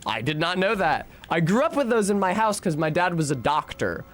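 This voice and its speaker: A man's voice: sits high, very animated, brisk. Profane, rambling American streamer guy. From United States. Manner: rambling, profane, chatty, answers chat while playing. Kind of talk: casual gameplay stream chat.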